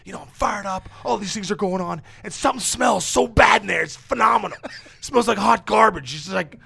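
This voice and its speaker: A middle-aged man, a former pro ballplayer and podcast guest, telling an animated, rambling story full of fillers and restarts. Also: high-pitched, a little fast, vocal fry, husky.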